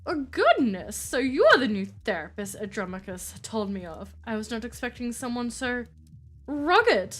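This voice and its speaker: A woman's voice: fairly high pitch, sing-song, moderate pace, fairly bright tone. A woman playing a haughty aristocratic vampire lady. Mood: imperious. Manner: imperious, clipped.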